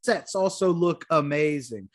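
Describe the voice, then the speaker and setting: A man's voice: on the high side, lively intonation, measured pace. A man chatting casually and enthusiastically about a film, slipping into put-on voices to quote characters. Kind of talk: casual movie chat.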